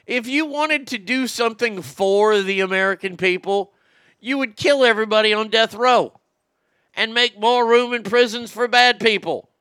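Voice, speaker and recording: A man's voice: sits high, normal speed, pushed and bright, clear, resonant tone, no room sound, studio quality. A man hosting a casual talk show, ranting bluntly and profanely, often stumbling over repeated words as he tells stories. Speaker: show host.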